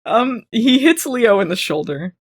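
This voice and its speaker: A woman's voice: medium pitch, lively intonation, moderate pace. A woman hosting a podcast, giving a casual, sarcastic recap of a TV episode, often laughing and slipping into mock voices. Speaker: podcast host.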